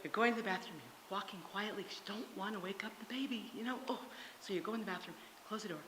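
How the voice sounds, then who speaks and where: A woman leading a choir workshop, coaching breathing and singing warm-ups with lively encouragement. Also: medium pitch, fast talker, slight background noise. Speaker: choir director. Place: church hall. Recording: echoey church room, long reverb, loud instruments.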